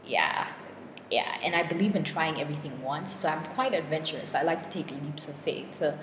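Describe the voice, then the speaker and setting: A woman's voice: low voice, normal speed. A young woman in a casual vlog monologue, chatty and self-deprecating, full of fillers and restarts. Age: young adult. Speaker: vlogger. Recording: echoey room with long reverb and clear noise.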